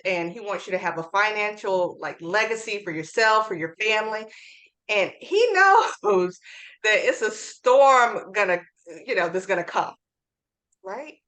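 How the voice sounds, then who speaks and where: A woman's voice: medium pitch, a bit bright. Mid-range woman co-host with an affirming, faith-centered manner. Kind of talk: casual chat.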